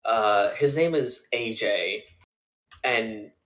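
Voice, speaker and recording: A man's voice: on the low side, drawn-out words, fairly bright tone. A young man, a podcast co-host, tells a funny story in casual chat, laughing often and acting out the people he quotes.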